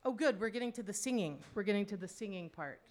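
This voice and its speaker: A woman's voice: medium pitch, lively intonation, quick pace. A woman telling a personal story in a conversational, wry way, full of asides and fillers. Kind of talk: personal storytelling, spoken monologue.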